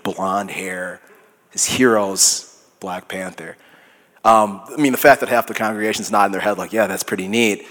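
A man's voice: deep voice, a bit bright, husky. A man with a Minnesota accent, in his thirties, talking in an easygoing, reflective way as a guest before an audience and acting out quotes. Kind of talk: conversational interview before an audience. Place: large hall with congregation. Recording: hall reverb.

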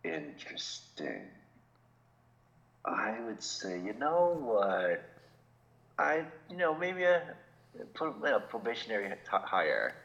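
A man's voice: fairly low pitch, sing-song, slow pace, pauses often, fairly bright tone. A man co-hosting a podcast, chatting casually and laughing often as he jokes along. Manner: laughs often, chuckling banter. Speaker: podcast co-host. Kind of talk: casual chat. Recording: dull lo-fi sound.

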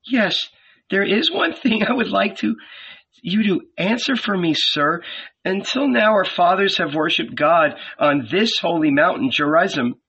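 Guy doing a high eager village woman, anxious, husky, a bit lo-fi. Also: animated, unhurried, pushed and bright, exaggerated voice. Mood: earnest.

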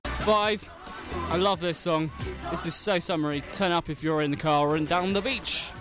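A man's voice: on the high side, moderate pace, over music. A man hosting a radio show in playful, giggly banter. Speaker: radio host.

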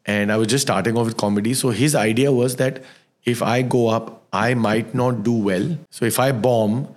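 A man's voice: medium pitch, moderate pace. A man from Dubai, a stand-up comedian in his thirties, telling stories casually in an interview and slipping into Hindi phrases. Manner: relaxed storytelling with jokes, mixing in Hindi phrases.

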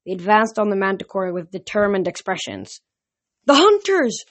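A woman's voice: mid-range voice, fairly quick. A woman reading a novel aloud for her podcast, with occasional slips and restarts. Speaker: podcast reader.

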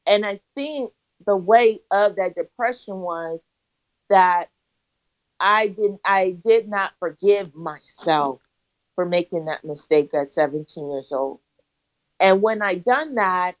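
Speaking slowly in a mid-range voice, a woman shares her story as an interview guest. Her delivery is earnest and emphatic, with a cadence like a preacher's, captured on lo-fi audio that sounds a bit dull.

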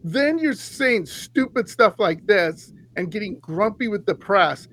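A man hosting a sports podcast, ranting in an animated, heated way and laughing often. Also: sits high, measured pace, hardly any pauses, poor audio. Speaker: podcast host.

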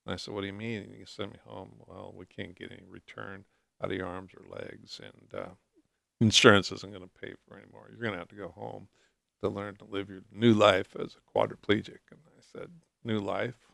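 Gravelly soft-spoken man telling his story. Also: on the low side, no room sound, studio quality. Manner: halting, soft-spoken testimony with restarts. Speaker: guest. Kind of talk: personal storytelling interview.

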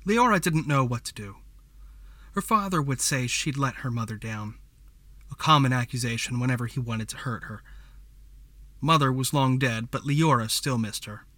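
A man reads a fantasy story aloud in the even, measured pace of audiobook narration. His voice is bright and crisp, and it sits dry and close to the mic with no room sound. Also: mid-range voice, no room sound.

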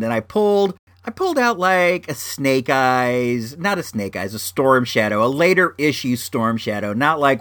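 A man's voice: mid-range voice, fairly bright tone. A man casually telling a personal story on his show, rambling with lots of fillers and restarts.

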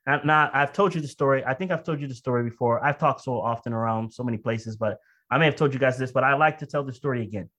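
A man delivers a sermon in a relaxed, conversational way, his voice sitting at a middle pitch. He rushes through side remarks and then slows to a heavy, deliberate pace for his key points. When he relives an emotional moment, his voice leaps high and loud. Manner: conversational, pace swings between quick asides and slow emphatic phrases. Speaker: preacher. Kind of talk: sermon with personal story.

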